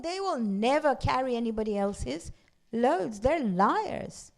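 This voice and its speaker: A woman's voice: high voice, sing-song, moderate pace, darkish tone. A woman teaching a Quran class at a mosque. She talks conversationally with asides, recites Arabic verses and translates them. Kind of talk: religious class lecture. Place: mosque hall.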